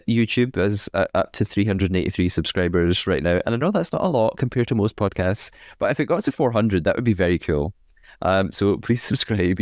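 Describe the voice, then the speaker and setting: Speaking in a lowish, slightly mellow voice, he hosts a casual podcast chat full of hesitations, filler words, and frequent laughter. There's no room sound, and the audio is studio quality.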